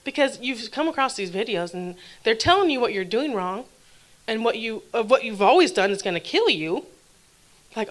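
Woman preaching at church, high voice, chatty and heartfelt, goes soft and breathy sometimes. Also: lively intonation, a little fast. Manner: heartfelt, conversational, with breathy quiet asides. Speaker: guest speaker at a church service. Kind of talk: sermon. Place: church service.

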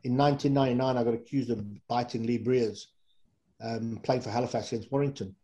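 Middle aged english guy, mellow low-key voice, rambling through old stories, lots of ums. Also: fast talker, lo-fi sound. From England. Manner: relaxed, rambling, with fillers and self-corrections. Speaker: guest, former rugby player. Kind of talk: casual anecdotal storytelling.

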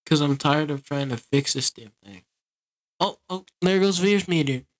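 A man's voice: a little high, expressive, moderate pace. A man giving casual gaming commentary, grumbling and complaining in an exasperated way. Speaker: gaming video creator.

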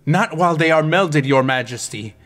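A man voicing a cautious male advisor giving measured counsel to a queen. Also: a little high, a bit bright, close to an everyday voice.

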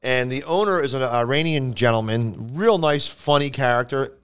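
Man, podcast host, comedian, animated storytelling, smooth clear voice, casual chat. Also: mid-range voice, moderate pace. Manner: animated storyteller, laughs while telling.

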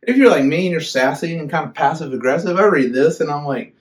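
A young man giving a casual, humorous sermon as a youth pastor, chatty and animated. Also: a little high, fast talker.

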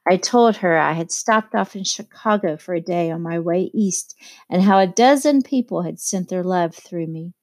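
A woman narrating an audiobook in a measured, expressive reading. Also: lowish voice. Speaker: audiobook reader. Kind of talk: scripted narration.

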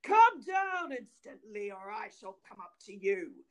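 A woman's voice: medium pitch, animated, measured pace, close to an everyday voice. Bluebeard, stern cruel nobleman read by a woman. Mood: harsh. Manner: stern and threatening. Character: cruel, cold middle-aged nobleman husband.

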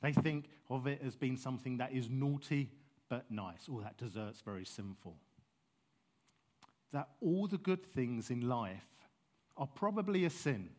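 A man's voice: medium pitch, lively intonation, unhurried, a little mellow. A man preaching a sermon in a passionate, conversational way, with frank asides to his listeners.

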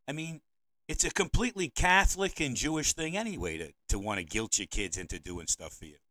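A man's voice: mid-range voice, fairly bright tone, no echo, poor audio. A man, hosting a podcast as an opinionated monologue. He rambles, repeats himself and says provocative things. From United States. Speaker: podcast host. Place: indoors, seated at home.

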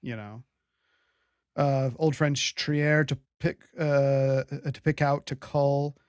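A man's voice: mid-range voice, little pitch movement, slow, a little mellow, no room sound, clean studio sound. A man in casual chat, reading dictionary entries on word origins aloud with fillers between them.

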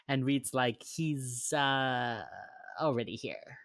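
A woman's voice: very deep voice, normal speed, dry recording, studio quality. A woman chatting casually on a podcast, recapping a TV episode and acting out the characters' lines with lots of laughter. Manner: swears casually. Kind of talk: casual chat.

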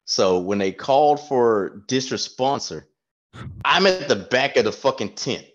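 A man telling an animated, profane army story with frequent laughs in casual podcast chat. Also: medium pitch, unhurried. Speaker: podcast co-host, former staff sergeant. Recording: dull lo-fi sound.

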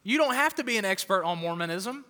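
A man's voice: high voice, lively intonation, fast, sharp tone. A male pastor preaching a fired-up sermon to a crowd in a church auditorium, often repeating words for emphasis. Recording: long hall reverb.

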